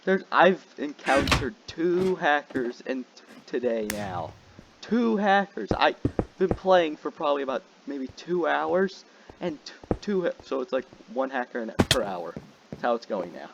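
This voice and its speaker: A young man giving casual gameplay commentary as a channel host, jokey and excitable, shouting when frustrated. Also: on the high side, unhurried, vocal fry, muffled recording. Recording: loud background noise.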